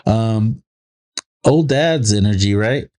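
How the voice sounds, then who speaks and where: A man's voice: fairly low pitch, slow pace, darkish tone. A man co-hosting a casual podcast, rambling through family anecdotes and acting out his little daughter's lines. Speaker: podcast co-host. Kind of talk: casual chat.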